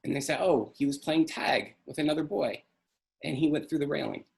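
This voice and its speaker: A man's voice: fairly high pitch, fairly even intonation, fairly quick, gravelly, a little mellow. A middle-aged man telling a personal story in an earnest, emotional way. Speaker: speaker.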